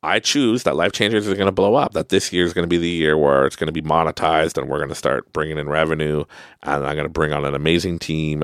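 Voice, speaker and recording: Canadian man, podcast host, low gravelly voice, dry close sound. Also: dry recording. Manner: animated, laughs often, tags lines with "right?". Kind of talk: casual motivational monologue.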